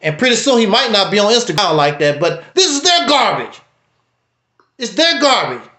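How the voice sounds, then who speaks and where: A man hosting a livestream, talking in a casual, preachy, emphatic way with wide swings in pitch. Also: sing-song, moderate pace, bright, forceful tone, echoey room. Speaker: livestream host. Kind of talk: casual commentary.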